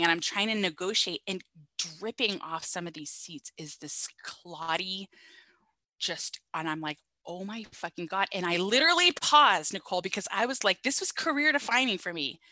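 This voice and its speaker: A woman with a bright, forward voice tells a story from her work as a paramedic, animated and loose with her swearing. She laughs through it in a relaxed chat. The recording is dry and close. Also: medium pitch, measured pace, no echo, low-quality recording.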